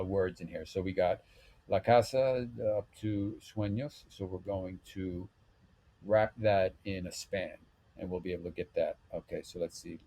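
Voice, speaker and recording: A man with a low, mellow voice walks through a website rebuild step by step in a screen-recorded tutorial. He speaks in a relaxed, unhurried way, with plenty of ums and okays. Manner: relaxed step-by-step talk with fillers. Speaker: web developer tutorial host.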